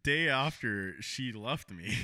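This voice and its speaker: A man's voice: mid-range voice, expressive, slow, pushed and bright, dry recording, clean studio sound. A man co-hosting a podcast, casually telling a story with lots of swearing and frequent laughter. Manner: profane, laughs often while telling stories. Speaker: podcast co-host. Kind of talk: casual chat.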